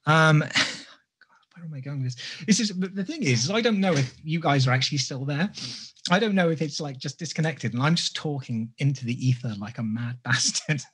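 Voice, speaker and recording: Guy teaching live, kinda husky, chatty and joking at his own expense. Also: on the high side, a little fast, fairly bright tone. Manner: chatty, self-deprecating, jokey. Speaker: sculpting instructor. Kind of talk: live tutorial with rambling asides.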